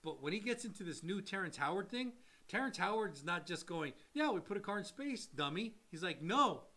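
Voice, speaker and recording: A man co-hosting a casual podcast, with a high, bright and sharp voice. He talks with real animation, jumping into quoted voices and laughing often. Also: animated, a little fast. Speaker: podcast co-host. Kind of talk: casual chat.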